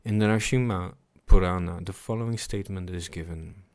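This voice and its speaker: A man slowly reading and explaining devotional scripture, chanting at times, pausing to reflect and repeating his words. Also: low voice, darkish tone. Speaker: scripture reader. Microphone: computer mic on a livestream.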